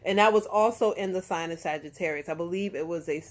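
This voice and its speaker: A woman's voice: fairly low pitch, quick pace. Woman, tarot reader, live stream astrology chat, slangy, chatty, checks in with listeners. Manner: chatty, checks in with "okay?" and "right?"; slangy, swears, corrects herself.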